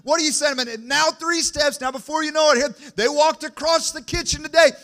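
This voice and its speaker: A man preacher putting on the voice of an overexcited parent, exclaiming in high, loud bursts. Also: animated, creaky, heavily acted. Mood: overjoyed. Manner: exclaiming, incredulous, rapid-fire questions.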